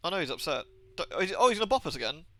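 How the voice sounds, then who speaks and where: A man's voice: high voice, sing-song, racing, noisy background. A young man with a mix of Birmingham and Southwest English accents, chatting and joking while he streams a game. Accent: mix of Birmingham and Southwest England. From England. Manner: chatty, jokey, laughs often. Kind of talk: casual gaming commentary.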